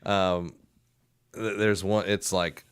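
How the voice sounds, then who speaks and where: A man's voice: sits low, little pitch movement, takes it slowly. A man with a Southern US accent, a school band director chatting casually on a podcast in a rambling way with many fillers.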